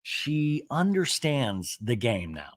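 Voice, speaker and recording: A male podcast host chatting casually through a reality show recap, animated and quick to act out quotes. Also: mid-range voice, no room sound.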